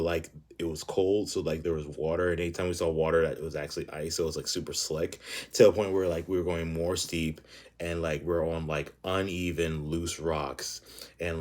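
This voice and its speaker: A young man with a very low voice tells a story at a casual pace. He talks in an animated, rambling way, packed with fillers and frequent swearing. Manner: animated, filler-heavy, profane ranting.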